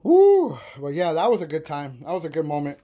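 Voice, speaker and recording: A man's voice: on the high side, fast. A man casually telling rowdy stories on his podcast, swearing freely and laughing as he goes. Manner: animated, profane, laughing storyteller. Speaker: podcast host. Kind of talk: casual storytelling monologue.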